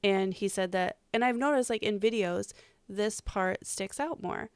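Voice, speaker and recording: Gal on a podcast, gravelly but smooth voice, dry close sound. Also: female voice, medium pitch, measured pace, dry recording. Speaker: podcast co-host. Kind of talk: casual chat.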